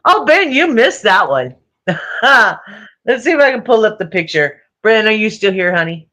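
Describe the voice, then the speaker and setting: Woman livestream host, slow relaxed chatter, very lively pitch. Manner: chatty, laughs often, talks to viewers. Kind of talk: casual livestream chat. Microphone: phone.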